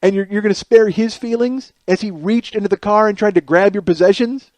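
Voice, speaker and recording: A comedian hosts his own podcast alone, riffing through an exasperated and sarcastic monologue laced with profanity. His voice sits high for a man. The recording is close and dry, with no room sound. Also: a little fast, darkish tone, no echo.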